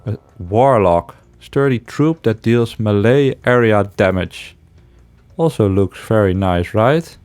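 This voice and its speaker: A man's voice: lowish voice, animated, slow pace, a little mellow, no room sound, faint music behind. A man giving casual let's-play commentary, thinking aloud with hesitations and frequent chuckles. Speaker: game streamer.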